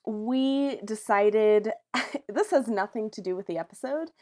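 A woman's voice: mid-range voice, unhurried, darkish tone. A woman co-hosting a podcast in casual chat, chatty and sarcastic, laughing often. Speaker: podcast co-host.

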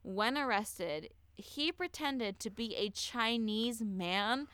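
A podcast host walks through a true-crime case in a relaxed, offhand style, cursing freely and voicing the characters herself. Her voice is smooth, crisp, a little high and fairly bright, and she speaks slowly. The recording is close and dry, with no echo.

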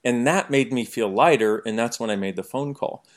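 A man talking as an interview guest, animated and jokey, explaining his ideas through everyday examples. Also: medium pitch, moderate pace. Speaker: podcast guest. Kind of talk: conversational interview.

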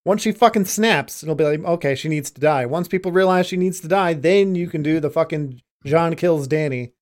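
A man's voice: a little high, normal speed. A man in casual chat, confident and jokey, swearing as he makes predictions.

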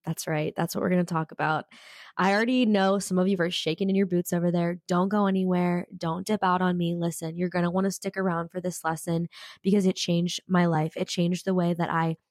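A woman's voice: fairly low pitch, fairly quick, no room sound, studio quality. Peppy woman podcast host with a cold. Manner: energetic, peppy, says frickin' a lot. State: sick with a cold. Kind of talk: casual self-help podcast monologue. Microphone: studio podcast mic.

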